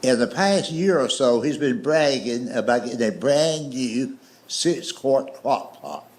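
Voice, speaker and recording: A Southern man with a mid-range, somewhat dark voice tells stand-up stories at an expressive, unhurried pace. His delivery is folksy and drawn out, with dry asides. The live show recording carries audience noise and laughter.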